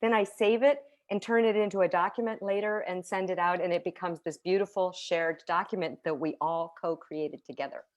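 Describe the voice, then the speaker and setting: A woman teacher giving an online conference talk over a video call, lively and conversational, with frequent check-ins of "right?" and soft laughs. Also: on the low side, a little fast, hardly any pauses.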